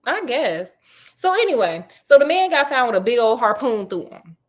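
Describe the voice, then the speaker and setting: A woman casually retelling a story with sassy, slangy remarks and deadpan asides. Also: on the high side, moderate pace.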